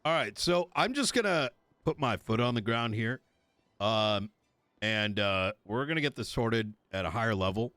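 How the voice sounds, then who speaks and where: A man's voice: lowish voice, expressive, moderate pace, pushed and bright, no echo. A man playing a police chief in a streamed roleplay, lecturing his officers in a blunt, profane way. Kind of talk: streamed roleplay meeting speech.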